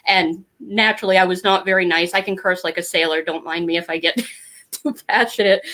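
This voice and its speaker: A woman's voice: medium pitch, fairly even intonation, normal speed, fairly bright tone. A middle-aged woman telling her family story as a podcast guest, candid and talkative, with many fillers. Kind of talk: casual interview storytelling.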